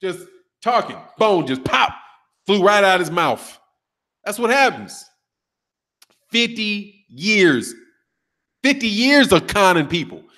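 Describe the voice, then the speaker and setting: A man in his thirties hosting a boxing channel, talking casually and profanely, trash-talking while reading a live chat. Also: high voice. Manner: animated, profane, trash-talking, laughs often.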